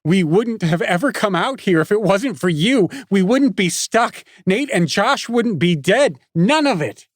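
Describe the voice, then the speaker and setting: Brief: male narrator voicing a hysterical teenage girl, shrieking rage, husky strained tone. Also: slow, darkish tone, no echo, studio quality. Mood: furious screaming. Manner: screaming, high-pitched, spitting rage.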